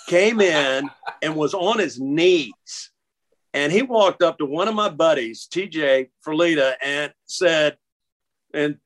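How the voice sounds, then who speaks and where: A middle-aged man with a voice pitched a little above the usual, talking casually and reminiscing. He stumbles and restarts often and repeats words as he searches for the thread. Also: fairly bright tone. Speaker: interview guest. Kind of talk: casual storytelling.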